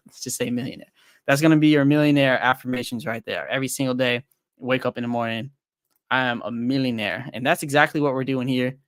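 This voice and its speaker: A young man talks casually on a livestream, rambling and thinking out loud with plenty of "um" and "like." His voice sits at a middling pitch and sounds dry and close, with no room around it. He comes across frank and a bit self-deprecating. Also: gravelly, clean tone, dry recording. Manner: loose and rambling, thinks aloud with many fillers and restarts. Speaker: crypto trading livestream host. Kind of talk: casual livestream chat, reading viewer comments.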